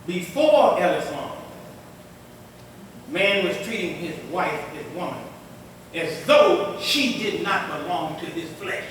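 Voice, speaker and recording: A male imam giving a Friday sermon, swinging between loud and hushed lines and laughing often as he tells stories. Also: fairly high pitch, slow, a little hiss or hum. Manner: lively preaching that swings between loud and quiet. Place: mosque prayer hall. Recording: echoey hall from far off.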